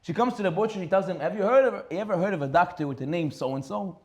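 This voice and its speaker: A man, a rabbi giving a Torah class, telling a story with lively acted-out dialogue. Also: sits high, quick pace. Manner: animated, acts out dialogue in a story.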